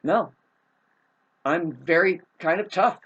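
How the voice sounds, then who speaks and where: A woman's voice: fairly low pitch, slow pace, slightly rough, dull audio. A woman telling a personal grievance in a casual, rambling monologue, agitated and profane, with frequent restarts.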